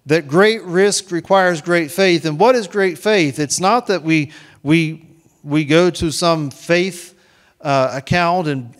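A pastor whose voice is pitched a bit higher than most men's gives an earnest, conversational church sermon. He repeats words and restarts phrases, and at times speaks comforting lines as though in God's voice.

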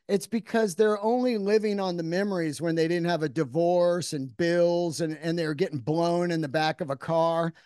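A man with a high voice for a male speaker hosts a podcast and tells stories with animated, profane energy. The recording is very dry and close, with no room sound. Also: clear, resonant tone, no room sound. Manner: profane, animated storyteller, acting out quotes. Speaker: podcast host. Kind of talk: casual interview chat.

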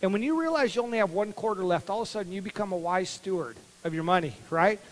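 A pastor in a church, telling a childhood story to his congregation in a high, lively voice. He acts out the voices of the people in the story as he goes. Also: quick pace, long reverb tail, rough recording. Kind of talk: storytelling sermon. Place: church sanctuary.

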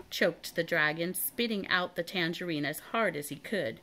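A woman reading a children's chapter book aloud in a calm, even storytelling voice. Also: lowish voice, normal speed, hardly any pauses. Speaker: storybook reader.

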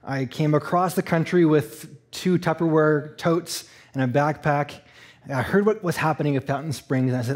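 A man from Eastern Canada telling a personal story in a sermon, animated and laughing, acting out the voices. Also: on the high side, moderate pace. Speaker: church speaker.

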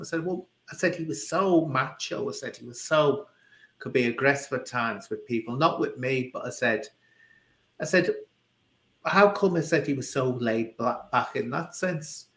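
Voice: mid-range voice, fairly bright tone. A host with a Liverpool accent telling anecdotes in casual chat, full of quoted speech. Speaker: interview host. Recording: roomy echo.

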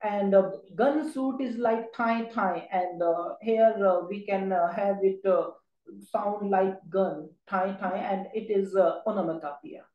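A woman giving a recorded exam-prep lecture, pausing often with "uh" fillers. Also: mid-range voice, dull audio. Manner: halting, with many "uh" fillers. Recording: echoey room.

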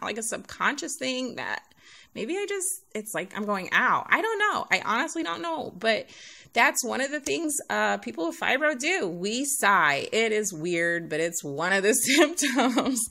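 A woman's voice: a little high, gravelly, sharp tone. A middle-aged woman talking casually to her viewers, rambling, sighing often and laughing between points, audibly out of breath as she speaks. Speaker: YouTube nail artist. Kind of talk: casual talk to camera.

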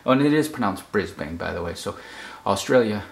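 A man's voice: on the low side, lively intonation, brisk, vocal fry. A man from the United States explaining a fashion photo casually, often repeating words and checking in with "okay?". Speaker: photography critic. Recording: roomy echo.

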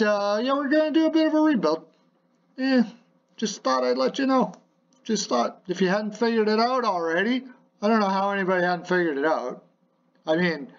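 A hockey podcast host hosts a casual rumour show from his home apartment in a fairly high, slightly bright voice, recorded muffled. He's playful and jokey, rambling with plenty of fillers.

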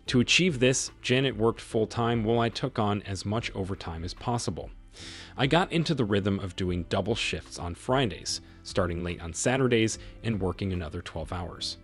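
A man narrating a scripted first-person story in a measured, reflective way. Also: fairly low pitch, soft background music.

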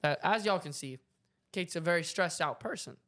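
A man's voice: a little high, lively intonation, a bit bright. A man co-hosting a casual podcast who jokes, interrupts and keeps defending himself. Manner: joking and defensive, quick to interrupt. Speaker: podcast co-host. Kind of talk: casual chat.

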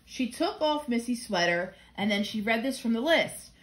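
Expressive woman reading a picture book aloud. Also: fairly high pitch, moderate pace, background noise. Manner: gentle, expressive storytelling. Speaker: children's book reader.

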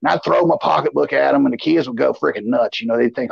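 Gravelly man telling stories. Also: mid-range voice, quick pace, hardly any pauses, no echo. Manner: rambling and animated, with lots of "you know". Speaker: co-host. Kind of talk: casual storytelling chat. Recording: slightly dull, lo-fi sound.

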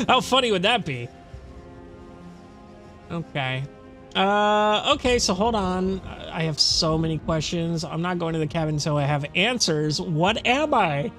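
A man's voice: high-pitched, lively intonation, a little slow, fairly bright tone, soft background music. A young man commentating casually on a horror game, rambling, laughing and swearing. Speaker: let's play host.

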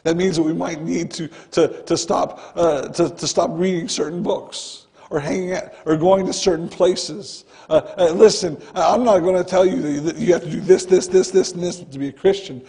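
Gravelly-voiced man preaching a sermon. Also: fairly high pitch, fairly even intonation, moderate pace, hardly any pauses, warm tone. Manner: earnest, conversational preaching, often starting with "listen". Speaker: pastor. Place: church sanctuary.

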